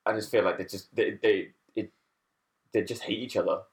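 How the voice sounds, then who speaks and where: A man's voice: lowish voice, fairly even intonation, normal speed. A man hosting a casual chat, rambling, swearing and laughing often as he asks questions.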